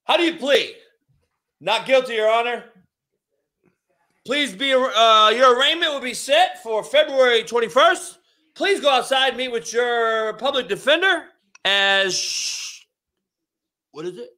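A man voicing a formal male courtroom judge who reads out charges haltingly. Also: very high voice, sharp tone, exaggerated voice.

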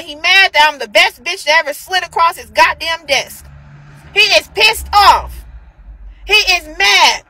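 A woman's voice: very high voice, bright, forceful tone, no room sound, poor audio. A woman on a phone livestream, ranting heatedly and profanely, repeating herself for emphasis. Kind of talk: angry livestream rant.

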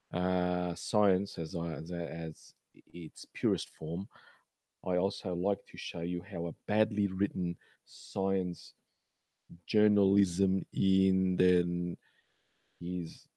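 A man's voice: sits low, warm tone, no echo. A man hosting a casual science commentary, talking with many fillers and restarts and a sarcastic edge. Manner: sarcastic about news articles. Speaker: host.

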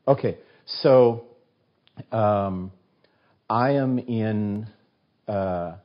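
A man's voice: fairly low pitch, drawn-out words. A man in his sixties, a guest author on an interview show, telling stories with animation and acting out the voices of the people in them. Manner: animated storyteller who acts out quoted voices. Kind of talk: casual interview storytelling. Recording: dull, muffled recording.

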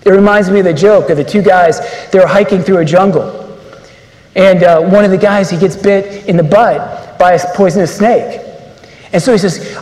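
Man, fairly high voice, emphatic inspirational preaching, rhetorical questions, echoey conference hall. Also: moderate pace, darkish tone. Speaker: speaker at a men's conference. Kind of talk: inspirational religious talk.

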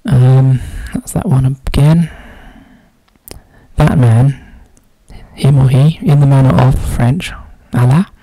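A man's voice: mid-range voice, steady tone, slow, warm tone, no room sound, low-quality recording. A man solving a crossword aloud, musing and muttering clues half to himself. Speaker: crossword solver. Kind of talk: thinking aloud while solving a puzzle.

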